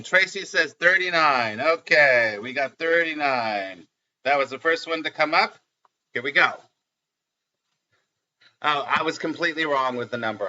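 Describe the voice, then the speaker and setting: A middle-aged man hosting a live stream as a spiritual teacher, chatting casually and excitedly, often laughing and repeating lines. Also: mid-range voice, dull audio.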